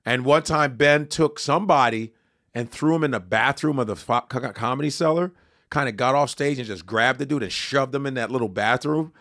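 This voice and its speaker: A man telling a story in casual podcast chat, animated and full of swearing. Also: medium pitch, fairly quick.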